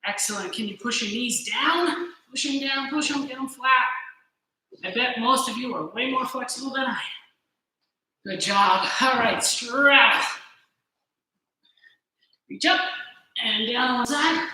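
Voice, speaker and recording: A woman coaching a kids' gymnastics warm-up, cheering and counting as she leads each drill. Her voice is bright and fairly high, slow and deliberate, and a little out of breath. It sounds like a very echoey room with faint background noise. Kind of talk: virtual fitness class instruction.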